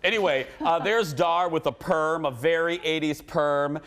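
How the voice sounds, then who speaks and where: A man in his forties hosting a talk show, telling stories with laughter and animated banter. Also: a little high, measured pace.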